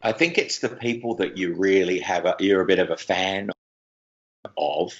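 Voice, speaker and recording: A man, a radio presenter telling rambling, animated stories in an interview. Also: low-pitched, moderate pace, dull audio. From Australia. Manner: rambling, animated storyteller with many restarts. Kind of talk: anecdotal interview chat.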